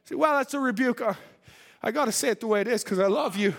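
High-voiced fervent man preaching in a hall. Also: fast talker, vocal fry, a bit bright. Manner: fervent, preachy, quoting scripture in old-style English. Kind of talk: sermon.

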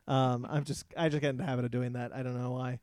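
Young man, hesitant, lots of ums, smooth voice, dry close mic. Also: mid-range voice, level tone, fast talker, a little mellow, no room sound. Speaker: podcast host. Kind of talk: casual chat.

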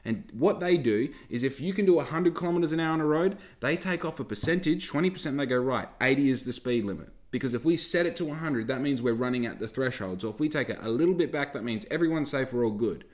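A man's voice: a little high, expressive, fast, few pauses, a little mellow. A man hosting a podcast, ranting casually to his listeners and swearing heavily. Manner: heavy swearing, ranting, talks straight to listeners. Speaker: podcast host.

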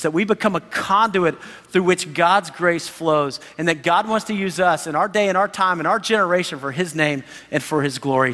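A man in his thirties preaching a sermon as pastor, animated and enthusiastic, laughing often. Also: on the high side. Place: church sanctuary. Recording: long hall reverb.

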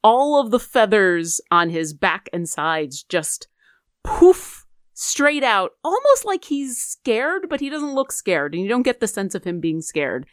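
A woman game master narrating a tabletop game in a lively, descriptive, conversational way. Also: medium pitch, unhurried, hardly any pauses, no echo, studio quality.

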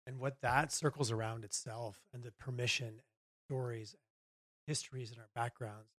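A man's voice: mid-range voice, steady tone, normal speed, fairly bright tone, no echo. A man hosting a podcast interview, upbeat and playful, laughing often. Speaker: podcast host. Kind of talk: casual interview chat.

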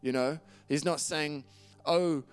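A man's voice: medium pitch, unhurried, clean tone, soft background music. A man preaching a sermon in an earnest, conversational way, reading scripture aloud and often restarting his phrases. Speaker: pastor.

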